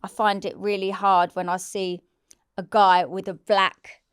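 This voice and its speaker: Speaking unhurriedly at a medium pitch with a flat delivery, a woman in her 40s recounts an emotional personal story as an interview guest. She is blunt and candid, swears freely, and acts out quoted shouts. Her smooth, clear voice is recorded close and dry, with almost no room echo.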